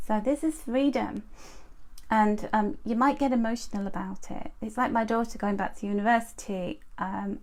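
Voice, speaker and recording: Greeting her viewers by name, a middle-aged woman with a fairly high-pitched voice gives a live angel card reading, chatty and full of animated asides.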